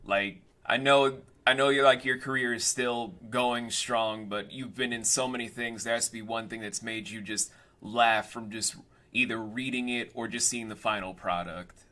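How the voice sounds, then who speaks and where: A man's voice: mid-range voice, steady tone, normal speed, bright, forceful tone. A man hosting a casual interview, asking questions with playful joking asides. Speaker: interview host.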